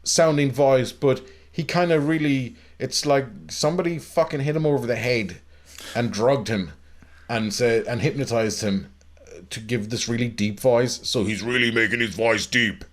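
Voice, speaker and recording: A man's voice: mid-range voice, normal speed, a little mellow. Rambling, joking male podcast host. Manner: rambling, joking, many fillers. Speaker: podcast host, film reviewer. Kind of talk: casual chat.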